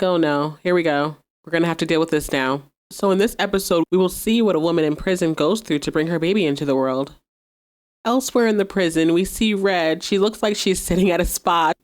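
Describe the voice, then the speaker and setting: Woman, podcast host, casual recap, sassy asides, laughs often, lowish voice. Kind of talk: casual recap with quoted dialogue.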